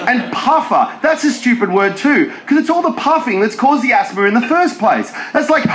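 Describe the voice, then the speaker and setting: A young man doing a stand-up comedy set in a pub, with animated joke delivery and some shouted bits. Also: high voice, brisk, few pauses, slight background noise. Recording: roomy live venue sound.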